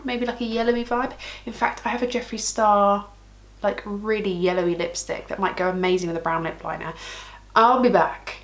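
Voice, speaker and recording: A woman's voice: medium pitch, a bit bright. A woman makeup vlogger chatting casually through a tutorial, giggly and thinking aloud as she works.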